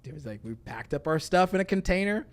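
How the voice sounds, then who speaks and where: A man's voice: fairly high pitch, quick pace. A young man from Tanzania, a guest comedian telling stories in a casual interview and acting out the voices he quotes. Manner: animated storyteller, acts out quoted voices, laughs often.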